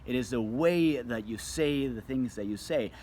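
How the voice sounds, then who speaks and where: A man's voice: medium pitch, normal speed, slight background noise. A man coaching viewers on tone of voice, talking straight to the camera and playing with emphasis to show how delivery changes meaning. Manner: expressive, shifts emphasis and tone to demonstrate. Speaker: communication coach. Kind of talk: scripted video talk to camera.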